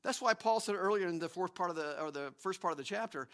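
A man preaching a sermon as pastor, emphatic and animated, often restarting his phrases. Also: high voice, fast talker.

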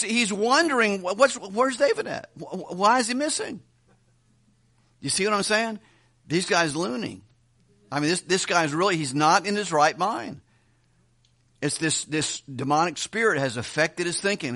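A man's voice: high-pitched, pushed and bright. A man teaching through a Bible passage verse by verse, talking conversationally with rhetorical questions and frequent restarts. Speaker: preacher.

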